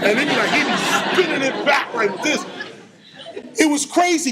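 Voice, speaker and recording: A middle-aged man giving an animated storytelling lecture, acting out sounds and quotes. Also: extremely high pitch, fairly quick, some chatter behind. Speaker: hip hop lecturer.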